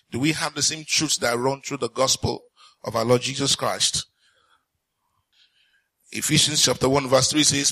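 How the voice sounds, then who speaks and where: A man preaching a sermon as pastor, reading scripture slowly and asking the congregation questions he then answers. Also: mid-range voice, fairly even intonation, pushed and bright, dry recording, low-quality recording. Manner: reads scripture slowly and deliberately.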